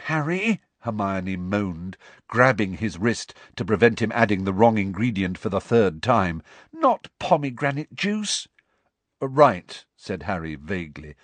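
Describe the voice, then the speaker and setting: A man narrating a novel aloud with measured, expressive pacing. His voice sits on the low side, and the recording is dry and close with no room sound. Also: no echo. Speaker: audiobook narrator. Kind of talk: audiobook narration.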